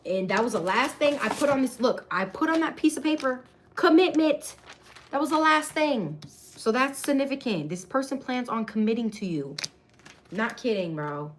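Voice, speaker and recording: A woman's voice: fairly high pitch, animated, normal speed, slight background noise. A woman, giving a casual, chatty tarot reading to camera with lots of slang and giggling. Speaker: tarot reader.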